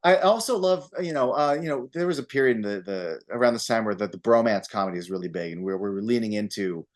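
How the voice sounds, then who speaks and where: A man on a casual podcast, talking about a movie with animated energy and frequent swearing. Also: fairly low pitch, fast talker. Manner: animated, acts out scenes with put-on voices and laughter; swears freely. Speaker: podcast co-host.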